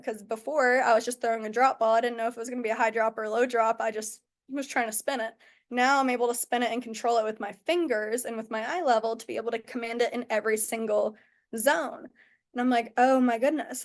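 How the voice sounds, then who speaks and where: A young woman who coaches softball pitching, telling stories in a chatty way with many "like"s. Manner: chatty, lots of "like" and "oh my goodness". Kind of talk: casual coaching talk with storytelling.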